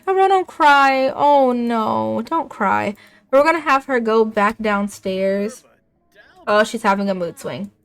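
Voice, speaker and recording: A woman's voice: on the high side, slow pace, creaky, clear, resonant tone, faint music behind. A young woman giving casual commentary as she plays a life-sim game, chatting along and speaking her characters' lines in her own voice. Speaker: let's play gamer.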